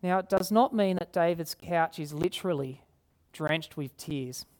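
A woman preaching a sermon, earnest, repeating key phrases and slowing down to read scripture. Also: lowish voice, darkish tone. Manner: slows down to read scripture aloud.

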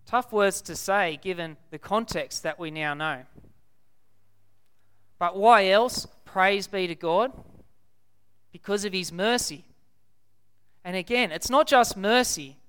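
Slow, crisp-voiced Australian preacher man. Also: high-pitched, bright, forceful tone. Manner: emphatic, repeats key words slowly for effect. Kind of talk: sermon.

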